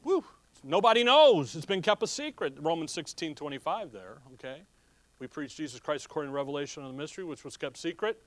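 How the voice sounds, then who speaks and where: Man, pastor, Bible teaching, asks and answers his own questions, high voice, dry close sound. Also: very animated, fairly quick, a bit bright, no echo. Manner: asks the congregation questions and answers them himself.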